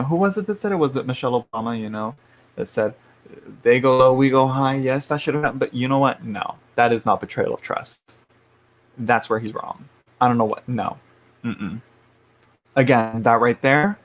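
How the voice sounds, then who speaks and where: A man with a medium-pitched voice, recorded with a little hiss or hum, does a casual tarot reading on a live stream. He's chatty and frank, laughs often, and sometimes drops to a murmur.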